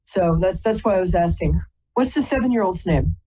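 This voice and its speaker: A woman's voice: lowish voice, lively intonation, brisk, mellow, breathy edge, muffled recording. A woman hosting a live call-in psychic reading, chatty and rambling, often stopping to apologize. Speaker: psychic reader and host.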